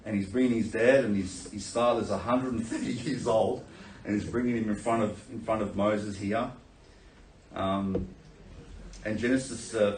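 A man preaching a sermon, telling a Bible story in a lively way and acting out the characters with laughter. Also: on the low side, a little hiss or hum. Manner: animated storytelling, acts out voices with laughter. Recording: echoey room, voice from a distance.

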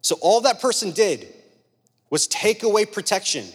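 A young man preaches in a church hall, his talk casual and storytelling but pressing the same point again and again. His voice sits a bit high, and a long reverb trails each phrase. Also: very animated, normal speed, husky. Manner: conversational storytelling, emphatic repeated points. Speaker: pastor. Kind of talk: sermon.

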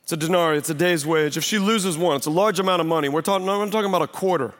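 A man's voice: on the high side, racing, a bit bright. A man preaching a sermon as pastor, conversational and emphatic, full of rhetorical questions. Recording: long hall reverb.

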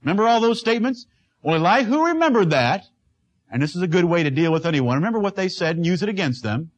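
Pastor, male, high voice; emphatic sermon delivery with a repeated refrain and questions put to the congregation. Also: sing-song, quick pace.

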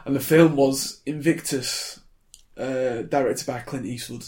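A man's voice: mid-range voice, measured pace. Blunt man in his twenties. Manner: blunt, wry, animated when ranting. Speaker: podcast co-host reviewing films. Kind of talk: casual chat.

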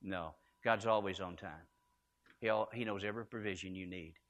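Speaking at a moderate pace in a low, fairly bright voice, a man preaches an earnest, emphatic storytelling sermon, repeating key phrases. It's a church sanctuary, recorded in an echoey hall with long reverb.

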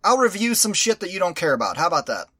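A man hosting a podcast in casual chat, rambling, animated and profane. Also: high voice, fast, slightly rough, no echo, studio quality. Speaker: podcast host.

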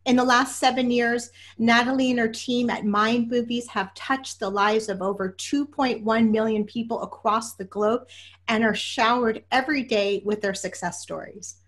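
A woman's voice: on the high side, steady tone, normal speed, fairly bright tone. A woman hosting a podcast interview, effusive and emotional, talking with many fillers and restarts. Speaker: podcast host. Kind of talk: casual interview introduction.

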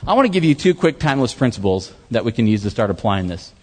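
Lively preaching man in a reverberant hall. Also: mid-range voice, quick pace. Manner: animated preaching with questions to the audience, acts out voices. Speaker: pastor. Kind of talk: sermon.

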